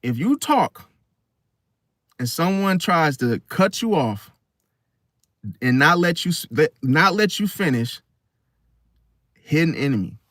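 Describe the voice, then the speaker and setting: A man hosting a casual astrology talk, animated and slangy, often acting out other people in high voices. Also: dry recording, clean studio sound. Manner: slangy, addresses listener as bro. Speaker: astrology video host. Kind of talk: casual spoken monologue.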